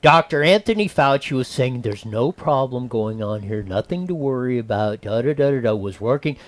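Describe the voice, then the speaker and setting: A man hosting talk radio, delivering opinionated commentary in a rambling, restart-heavy way. His pitch swoops lively up and down. The sound is dry and close-miked. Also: moderate pace, dry recording. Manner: animated, wandering, with frequent restarts and acted-out quotes. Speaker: radio talk show host.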